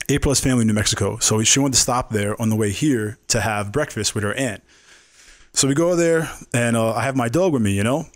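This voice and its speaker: A man's voice: medium pitch, moderate pace, no echo, clean studio sound. A man from New York City, a chef and podcast guest, telling a story in loose, rambling casual talk full of swearing and filler words.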